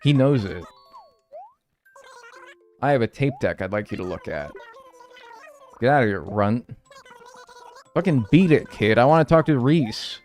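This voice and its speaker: A man's voice: medium pitch, a little slow, pauses often, soft background music. A man streaming a game live, chatting with his viewers and swearing freely as he plays. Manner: animated, swears freely, banters with chat. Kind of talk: live gameplay commentary.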